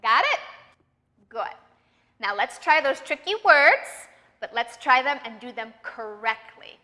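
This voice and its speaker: American woman, accent trainer; high, crisp voice, patient and encouraging; reverberant room. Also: lively intonation, a little slow, pushed and bright. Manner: clear, patient, encouraging teacher talk. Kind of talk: online pronunciation lesson.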